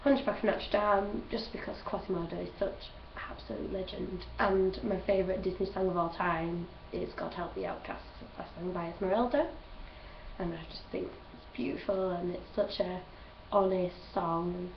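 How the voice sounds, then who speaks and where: A young woman vlogs in a casual chat, answering questions with gushing enthusiasm and frequent laughs. Her voice is fairly low with fairly even intonation at a moderate pace. Slight background noise accompanies the roomy, distant, dull home recording.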